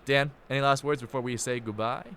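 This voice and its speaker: A man hosting a live sports stream, signing off with excitable, hype-filled chatter and big swings in pitch. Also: a little fast, slight background noise. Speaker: play-by-play host.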